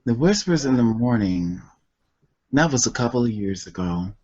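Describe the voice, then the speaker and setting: A man, a poet and author, reading his poems aloud in a slow, deliberate and emotional way, then talking casually about them. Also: medium pitch, very animated, a little mellow, muffled recording. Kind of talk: slow poetry reading and chat.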